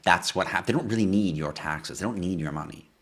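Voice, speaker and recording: A man with a low voice and brisk delivery hosts a livestream, answering chat questions in a ranting style full of swearing and sudden bursts of yelling.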